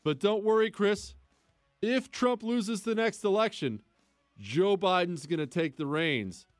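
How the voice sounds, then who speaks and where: A man's voice: measured pace, dry recording, clean studio sound, soft background music. A man hosting a political talk radio show, delivering a sarcastic monologue full of mocking repetition and incredulous outbursts. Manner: animated, swings into incredulous high outbursts.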